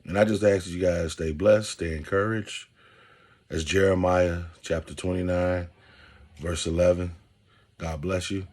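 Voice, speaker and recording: Husky-voiced man hosting a casual podcast. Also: low-pitched, unhurried. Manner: animated, preacherly, talks straight to listeners. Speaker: podcast host.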